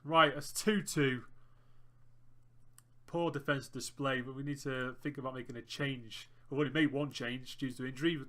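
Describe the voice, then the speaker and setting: Brief: young male gamer, bright and forceful voice, excitable running commentary. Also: medium pitch, normal speed. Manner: excitable, groans and cheers at the match. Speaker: gaming YouTuber. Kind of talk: let's play commentary.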